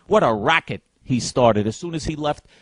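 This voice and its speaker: A man's voice: mid-range voice, lively intonation, normal speed, a bit bright, a little hiss or hum. A man delivering a heated political rant, indignant and emphatic, stumbling over repeated words as he pushes on. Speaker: political commentator.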